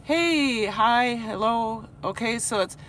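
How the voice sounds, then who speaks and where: A tired woman who teaches high school talks through a rough day in a live vlog, halting and restarting as she reads comments. Her voice is bright and clear. Faint traffic noise sits behind her in the car. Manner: emotional, earnest, halting with restarts. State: worn out after crying. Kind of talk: live-stream vlog, reading chat.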